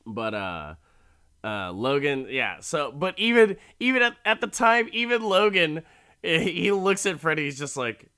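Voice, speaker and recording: A man's voice: fairly high pitch, very animated, unhurried, pushed and bright, clear, resonant tone, no echo. A man hosting a podcast, recapping an episode in a profane, joking, rambling way from his studio mic. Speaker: podcast host. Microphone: studio mic with headphones.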